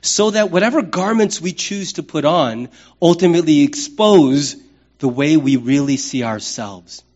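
A middle-aged man preaching a sermon as pastor, conversational and humorous, with lively acted-out asides. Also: on the high side, unhurried, dull audio.

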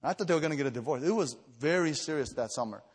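A man from the Chicago area preaching an evening retreat sermon, earnest and emphatic, telling personal stories with many fillers and restarts, and growing louder and higher when stirred. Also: expressive, rapid-fire, breathy edge. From Chicago area, USA. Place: retreat meeting hall. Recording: echoey hall reverb.

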